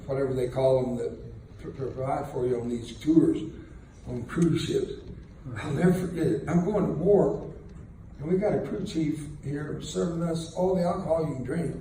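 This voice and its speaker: A man's voice: mid-range voice, mellow. An older man telling a war story to an audience in a folksy, joking way, chuckling as he talks. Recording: very echoey room, distant mic, faint noise.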